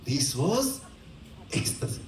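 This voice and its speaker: A man tells an old myth with playful, animated delivery, his pitch swinging widely and his pace unhurried. He is heard from a distance in a roomy space with faint ambience behind him. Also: a little hiss or hum. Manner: animated, playful, laughing asides. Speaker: storyteller. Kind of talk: retelling a myth to an audience.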